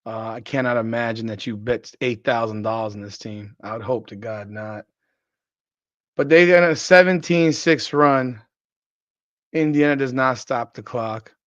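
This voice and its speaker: A man's voice: medium pitch, unhurried, fairly bright tone, no echo. A man hosting a podcast, giving blunt, profane, exasperated post-game basketball commentary. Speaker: podcast host. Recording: dry, slightly dull lo-fi sound.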